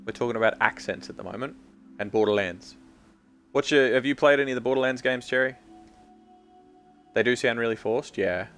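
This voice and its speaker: A young Australian man chatting casually on a live stream while he plays, rambling and halting with many ums and restarts. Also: mid-range voice, a bit bright, soft background music.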